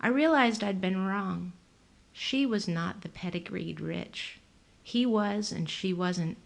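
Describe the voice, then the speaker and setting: A woman author giving a measured, low-key reading from her novel at a library event. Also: creaky. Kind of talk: reading fiction aloud.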